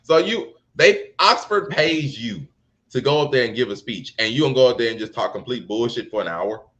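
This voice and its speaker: Male podcast co-host, mid pitch, lively and animated delivery. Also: a little fast, lo-fi sound. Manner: animated, excitable, laughs often. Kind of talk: casual podcast chat.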